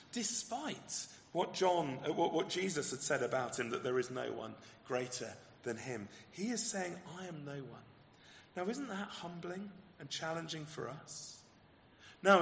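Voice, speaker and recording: A man, the vicar, preaching a lively sermon and acting out the quoted exchanges, with some stumbles and repeated words. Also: sits high, creaky, echoey room, long reverb tail. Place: church.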